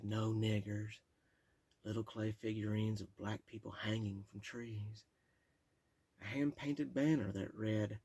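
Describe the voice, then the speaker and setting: Husky man reading his raw memoir. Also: on the low side, a little mellow, dry recording. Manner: raw, profane, halting when overcome. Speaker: memoir author reading aloud. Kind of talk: reading his memoir aloud with emotional asides.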